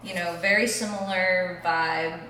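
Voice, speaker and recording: A woman's voice: on the low side, measured pace, distant mic, slight background noise. A young woman with a Southern Californian accent tells a travel story in a casual chat, with a dry, sarcastic way of talking. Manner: dry, sarcastic, animated when excited. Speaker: guest. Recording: echoey room, off-mic, faint ambience.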